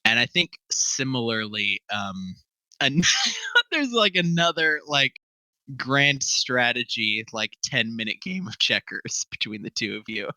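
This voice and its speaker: A man's voice: medium pitch, sing-song, measured pace, sharp tone, no room sound, poor audio. A man narrating a tabletop game as game master, rambling with lots of fillers and laughing often.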